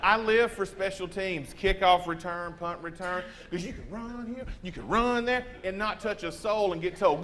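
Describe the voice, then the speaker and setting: A man in his forties with a Texan accent, giving a comic storytelling speech in a lively, self-mocking drawl. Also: sits high, moderate pace, few pauses, slight background noise. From Texas. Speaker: humorous speaker.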